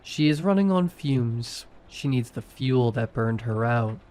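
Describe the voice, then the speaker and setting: A man voicing a tall, jagged shadow creature that drones its words slowly. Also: medium pitch, close to an everyday voice. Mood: ominous. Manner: droning, flat.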